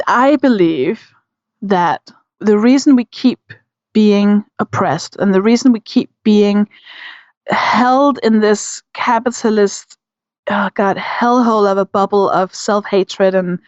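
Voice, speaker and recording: A woman's voice: medium pitch, dry recording, muffled recording. A woman in her thirties, a comedian and author, telling candid stories in conversation, laughing often and acting out what people said. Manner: animated, laughs often, acts out quotes.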